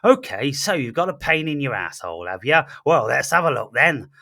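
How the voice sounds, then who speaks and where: A man's voice: mid-range voice, very animated, a little fast, vocal fry, pushed and bright, voice pushed up, heavily acted. A man voicing a brusque, matter-of-fact surgeon who gives patients curt, crude instructions.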